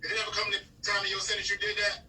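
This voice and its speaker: A man with a very bright, sharp, high voice hosts a casual interview in a hyped-up way. He sounds set back from the mic, with faint noise behind him. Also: monotone, rapid-fire, far from the mic. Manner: hype, calls to like and subscribe. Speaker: interview host.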